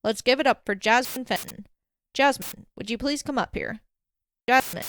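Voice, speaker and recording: Brief: woman playing a loud, grand gala emcee introducing a nominee. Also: on the high side, moderate pace, slight background noise, pitched above the performer's own voice, lightly acted. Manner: announcing, showy. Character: grand, enthusiastic awards ceremony host.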